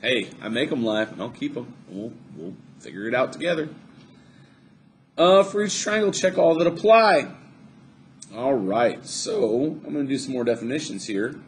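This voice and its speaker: A man's voice: medium pitch, big pitch swings, normal speed, a little hiss or hum. A man teaching a recorded math lesson, chatty and upbeat, joking to himself as he draws on screen. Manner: upbeat, chatty, jokes to himself while drawing.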